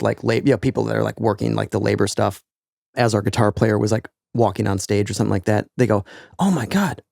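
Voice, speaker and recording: A man's voice: fairly low pitch, gravelly, darkish tone, no room sound, studio quality. A man co-hosting a podcast in casual chat, laid-back and rambling as he tells stories. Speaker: podcast co-host.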